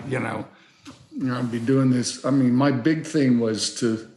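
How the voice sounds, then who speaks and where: A man in his seventies tells stories in a loose, rambling way, full of asides. His voice is gravelly, and it carries a roomy echo. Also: medium pitch. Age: 70s. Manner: rambling, animated storyteller with many "you know"s. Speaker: guest, filmmaker. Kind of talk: storytelling interview.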